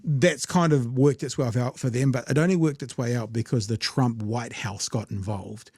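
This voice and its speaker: A man's voice: mid-range voice, moderate pace, darkish tone, breathy edge, no echo, clean studio sound. Blunt, sweary New Zealand man. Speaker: podcast host. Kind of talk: casual political commentary.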